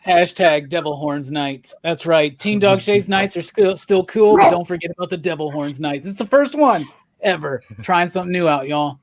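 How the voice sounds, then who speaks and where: A man's voice: a little high, lively intonation, normal speed, no room sound. Brief: male stream host, laid-back, chuckles a lot, dry close sound. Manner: laid-back, laughs often. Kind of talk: casual chat.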